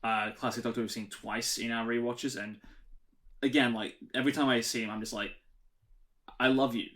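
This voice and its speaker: A man's voice: medium pitch, flat delivery, fairly quick, a bit bright. A man co-hosting a casual review podcast, eager, correcting details and gushing about favorites. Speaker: podcast co-host.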